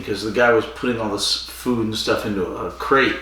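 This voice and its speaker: A man's voice: lowish voice, steady tone, moderate pace, sharp tone. A man co-hosting a casual podcast, recapping the plot of an episode with plenty of fillers and restarts. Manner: rambling, with frequent fillers and restarts. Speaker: podcast co-host. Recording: roomy and distant from the mic.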